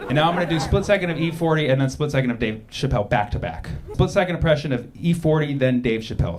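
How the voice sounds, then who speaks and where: A man performing a stand-up comedy set, telling stories animatedly, shouting the quotes of the people in them, and working with the crowd. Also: fairly high pitch, background noise. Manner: crowd work with the audience. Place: comedy club stage.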